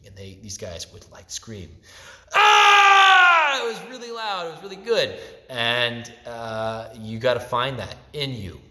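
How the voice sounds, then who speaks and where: A man's voice: lowish voice, fairly bright tone. Male martial arts instructor, casual and chatty, phone-recorded in a big reverberant studio. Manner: chatty, repeats "okay?" to check in, restarts often. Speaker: taekwondo instructor. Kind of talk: casual spoken class instruction. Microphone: phone camera held by a helper. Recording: echoey hall, long reverb.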